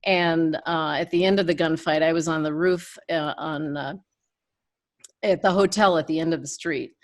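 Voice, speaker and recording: A woman's voice: low-pitched, steady tone, normal speed. An older woman, a guest in an interview, telling chatty stories with frequent laughs. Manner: chatty, laughs between anecdotes. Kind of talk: casual interview storytelling.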